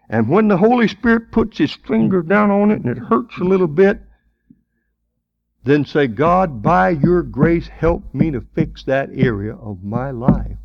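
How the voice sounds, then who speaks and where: A man's voice: on the high side, creaky, dry recording, muffled recording. A man preaching a sermon in a folksy, conversational way, asking rhetorical questions and chuckling between points.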